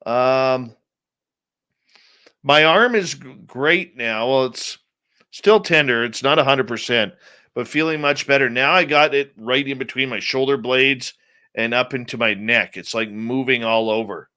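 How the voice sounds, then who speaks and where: A man's voice: medium pitch, a little slow, pushed and bright, smooth. A middle-aged man hosting a radio show, chatting casually, greeting viewers by name and ranting bluntly. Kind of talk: casual live-stream chat.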